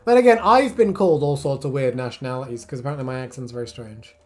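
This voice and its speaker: A woman's voice: rumbling low, quick pace, faint music behind. A woman from England with an English accent, chatting casually on a live stream while she draws, laughing and swearing often. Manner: animated, laughing, swearing, reading chat. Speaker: streamer, artist.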